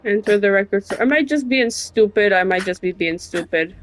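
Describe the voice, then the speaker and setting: A woman's voice: medium pitch, expressive, brisk. A young woman casually chatting and muttering to herself while playing a game, now and then swearing. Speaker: gaming streamer. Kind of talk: casual gameplay commentary.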